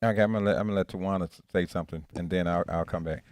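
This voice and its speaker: Deep-voiced pastor preaching plainly. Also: male voice, steady tone, rapid-fire, a little mellow, no room sound. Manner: earnest, repetitive, restarts phrases. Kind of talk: interactive sermon. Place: church.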